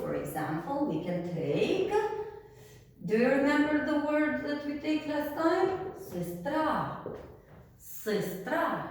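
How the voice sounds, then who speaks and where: An Albanian woman teaches an online language lesson, taking her time and repeating each word slowly. Her pitch swings a lot as she explains. She sits back from the mic in a room with a strong, long echo. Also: darkish tone. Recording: echoey room, voice from a distance.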